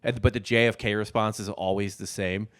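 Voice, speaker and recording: A man with a somewhat low, smooth, clean voice tells a history story in a relaxed podcast chat. He rambles a little and leans on fillers as he goes. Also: a little fast. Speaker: podcast co-host.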